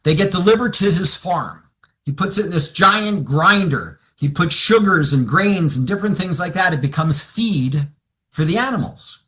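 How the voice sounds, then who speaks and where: A man's voice: high voice, lively intonation, moderate pace, bright, forceful tone. A man training financial advisors, telling stories and acting out both sides of his client conversations. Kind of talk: seminar talk with acted dialogue.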